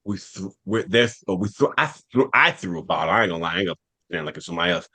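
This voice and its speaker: A man on a podcast telling a long personal story in casual talk, animated, repeating phrases for emphasis. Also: deep voice, racing, slightly rough. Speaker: podcast cast member.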